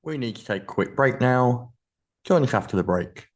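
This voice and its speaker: A man co-hosting a business podcast, explaining ideas in a measured way in a casual discussion. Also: mid-range voice, expressive. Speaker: podcast co-host.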